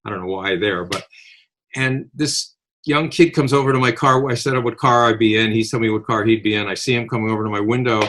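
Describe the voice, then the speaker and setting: A man's voice: lowish voice, fairly quick, slight background noise. Older man telling stories casually. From Connecticut, USA. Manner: animated anecdotal storyteller, acts out quoted voices. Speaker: podcast co-host. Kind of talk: casual reminiscing storytelling.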